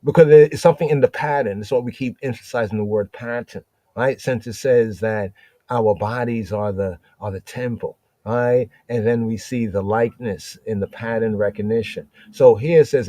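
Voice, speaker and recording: A man giving a slow, deliberate scripture study on a podcast, reading verses aloud and checking in often with "right?". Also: mid-range voice, dark tone, no echo. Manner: repeats and restarts words while reading. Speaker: podcast Bible teacher.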